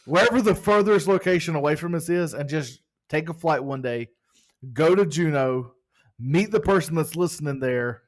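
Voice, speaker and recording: A man's voice: a little high, moderate pace. A man co-hosting a podcast in casual chat, upbeat and joking while reading out listener reviews. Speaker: podcast co-host.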